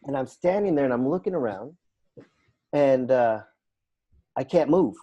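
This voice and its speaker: A man's voice: mid-range voice, expressive, measured pace, lo-fi sound. A man, a podcast guest and coach, telling a personal story in an earnest, reflective way and repeating phrases for emphasis.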